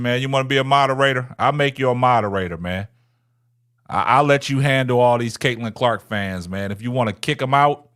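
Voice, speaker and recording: Here a male livestream host, medium in pitch with a slightly bright tone, chats casually with his viewers. He goads them, circles back to the same lines, and finishes much of what he says with "man."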